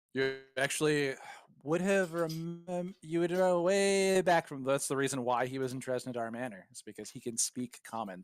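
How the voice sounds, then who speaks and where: Pria pemandu permainan meja. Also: male voice, medium pitch. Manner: casual, descriptive, chuckles often. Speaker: game master. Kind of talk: narrating a tabletop game.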